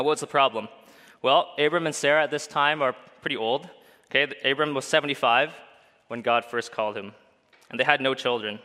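A man's voice: mid-range voice, sharp tone. A man preaching a sermon as pastor, earnest, putting many questions to the listeners. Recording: long hall reverb.

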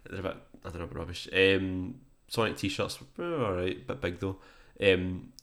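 A man's voice: sits low, a little slow, fairly bright tone. A Scottish man co-hosting a casual podcast chat, laid-back and hesitant, often trailing off mid-thought. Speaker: podcast co-host.

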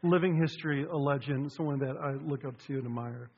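Chatty joking pastor in a reverberant hall. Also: male voice, medium pitch, a little fast, breathy edge. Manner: chatty, joking, animated storytelling. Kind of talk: casual sermon opening. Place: church sanctuary. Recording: dull sound, long hall reverb.

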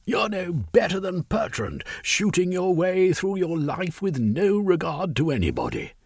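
A man's voice: high-pitched, wildly swooping pitch, unhurried, a little mellow, slightly rough, no room sound, clean studio sound, voice pushed up, heavily acted. A man voicing an indignant, wry rebel man. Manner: urgent, indignant pleading. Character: principled man, exasperated and wry.

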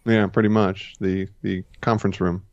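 A man with a low, gravelly voice talks casually, rambling and correcting himself while he retells scenes. The recording is dull and lo-fi, with a dry sound. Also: level tone, normal speed, a little mellow, dry recording. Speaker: podcast co-host. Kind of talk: casual chat.

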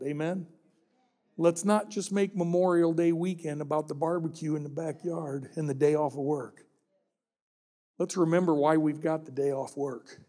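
A man's voice: a little high, a little mellow. A man preaching a sermon as pastor, telling a story and acting out the people in it. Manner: storytelling, acts out quoted voices with rising intensity.

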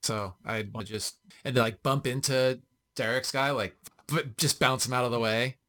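A man's voice: mid-range voice, fairly even intonation, moderate pace, pushed and bright. A man playing a tabletop game, describing his character's actions. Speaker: player. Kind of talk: tabletop role-play.

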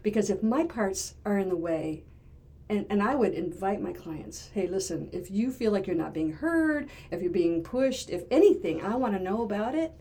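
An older woman talks as a guest in a relaxed interview, her voice sitting at an ordinary middle pitch. She is thoughtful and halting, often repeating a word while she searches for the next one. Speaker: retired therapist, podcast guest. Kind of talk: casual interview conversation.

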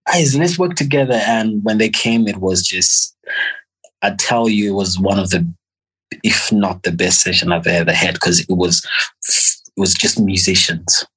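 Husky Zimbabwean musician chatting. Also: male voice, sits low, unhurried, rough recording. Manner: animated, laughs often, restarts sentences. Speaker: musician guest. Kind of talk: casual podcast chat.

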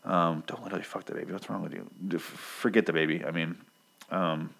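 A man casually recapping a comic book issue, rambling, swearing freely and filling pauses with "um". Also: deep voice, steady tone, vocal fry, a bit bright. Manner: rambling, profane, lots of ums.

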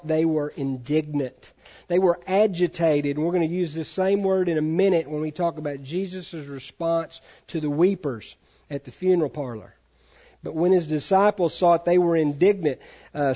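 A man's voice: fairly high pitch, dark tone, dull audio. A man preaching a sermon in a conversational way, often asking the congregation questions. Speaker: pastor.

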